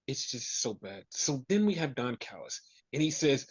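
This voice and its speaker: A podcast co-host rants in casual conversation, swearing constantly and getting more worked up as they go. Their pitch jumps around with a lot of animation. The audio is dull and lo-fi. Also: normal speed, hardly any pauses, slightly rough. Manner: animated, profane ranting. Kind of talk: casual wrestling podcast chat.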